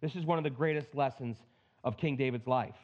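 A middle-aged male pastor preaching a sermon in an animated, plain-spoken way with joking asides. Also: mid-range voice, a little fast, dull audio.

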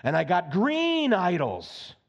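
A man's voice: sits high, wildly swooping pitch, slow, highs cut off. A male pastor preaching a sermon in a conversational, joking way, with frequent asides and repeated phrases for emphasis.

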